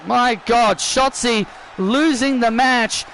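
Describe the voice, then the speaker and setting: High, bright-voiced excited male commentator. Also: slow pace, slight background noise, low-quality recording. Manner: repeats and restarts phrases, shouts at big moments. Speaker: YouTuber commentating a wrestling video game.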